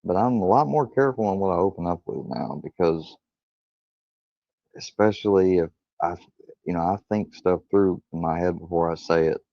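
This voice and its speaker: A man's voice: deep voice, moderate pace, dry recording. A man streaming live, telling rambling personal stories in a casual, profane way and acting out the lines of the people in them. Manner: rambling, profane, retells dialogue with quoted voices. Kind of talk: casual storytelling livestream. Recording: dull lo-fi stream audio.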